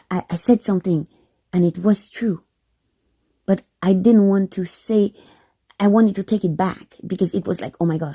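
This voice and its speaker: A woman's voice: lowish voice, dark tone. A woman telling a personal story to camera in a dramatic way, often dropping into a whisper and piling up repeated words for emphasis. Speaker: vlogger.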